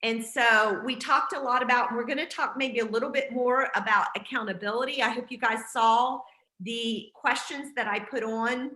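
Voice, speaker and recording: Bright encouraging woman on a call. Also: a little high, normal speed, echoey room. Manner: chatty, encouraging, with fillers. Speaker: team leader hosting a video call. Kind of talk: casual team call. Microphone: video call.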